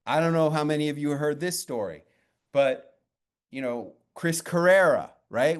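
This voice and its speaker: A man coaching a guest on her media clips, then telling a story about his own past in a blunt, animated way with casual swearing. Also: fairly high pitch, moderate pace.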